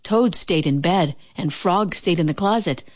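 A woman reading a children's storybook aloud in a gentle, expressive way. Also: lowish voice, measured pace. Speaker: narrator.

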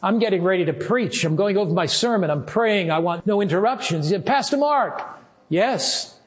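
A male pastor preaching a sermon, measured and deliberate, slowing down and repeating key phrases for emphasis. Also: high voice.

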